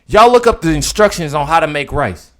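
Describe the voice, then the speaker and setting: Reacting to a video clip in a casual way, a young man sounds incredulous and expressive, speaking fairly quickly. His voice shifts from loud outbursts down to low mutters.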